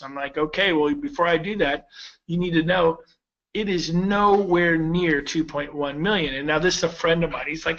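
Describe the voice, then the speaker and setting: A man in his fifties giving a persuasive sales pitch to real estate agents, telling stories with quoted dialogue. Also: fairly quick, fairly bright tone, muffled recording. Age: 50s.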